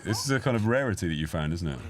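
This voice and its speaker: A man's voice: low-pitched, animated, racing. A man chatting in a film commentary, with dry, teasing banter. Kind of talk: casual audio commentary chat. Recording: faint music behind.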